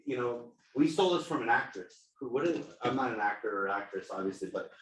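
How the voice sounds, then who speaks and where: A middle-aged man giving a casual sales workshop, telling animated stories and acting out what people said. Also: medium pitch, fast talker. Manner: animated storyteller, acts out quotes. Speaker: title company rep giving a sales seminar. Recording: echoey room, mic at a distance.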